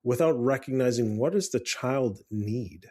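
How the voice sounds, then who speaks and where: A man's voice: medium pitch, unhurried, dark tone. A man co-hosting a casual parenting advice chat, talking earnestly with frequent restarts and fillers. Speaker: podcast co-host.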